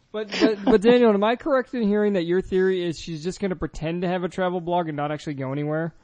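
A man's voice: high-pitched, steady tone, brisk, darkish tone. A man co-hosting a casual comedy podcast, sarcastic and laughing often. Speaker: podcast co-host.

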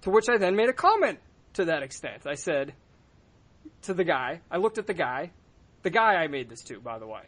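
A man hosting a podcast, telling a story in a casual, profane, animated way. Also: on the high side, normal speed. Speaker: podcast host.

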